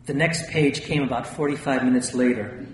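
A man reading a first-person memoir aloud with a wry, lightly animated delivery. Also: medium pitch, normal speed, slight background noise. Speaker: audiobook narrator. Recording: distant, echoey room with long reverb.

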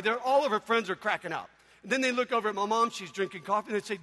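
A man preaches with a very high, bright voice, telling stories animatedly with sudden loud bursts. His voice rings through a large hall with a long reverb tail. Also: fast talker. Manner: animated storytelling, loud outbursts. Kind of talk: sermon. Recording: echoey hall.

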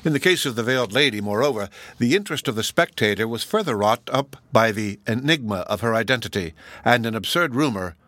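A man narrating a classic novel as an audiobook, reading long sentences in a measured, expressive way. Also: medium pitch, no room sound. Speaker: audiobook reader.

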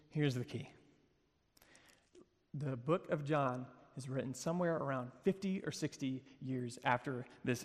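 Man preaching in a reverberant hall. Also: fairly high pitch. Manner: storytelling, playful asides with laughter; swings from hushed to emphatic. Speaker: campus worship speaker. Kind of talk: sermon. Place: campus worship hall.

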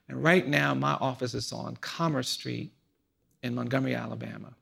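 Gravelly earnest man in his fifties. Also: steady tone. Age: 50s. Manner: earnest, measured, drops to a hushed low voice in stories. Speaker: guest speaker. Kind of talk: reflective storytelling conversation.

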